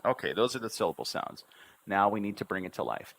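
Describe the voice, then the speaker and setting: A man tutors English on a livestream, stressing each syllable and drawing out his intonation. His voice is fairly low, expressive and brisk, with a fairly bright tone.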